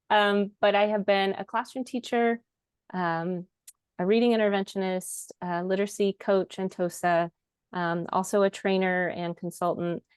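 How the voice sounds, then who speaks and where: A woman in her fifties, a longtime teacher and literacy trainer, introducing herself on a panel in an earnest, steady way. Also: mid-range voice, a little slow, smooth, dry recording, clean studio sound.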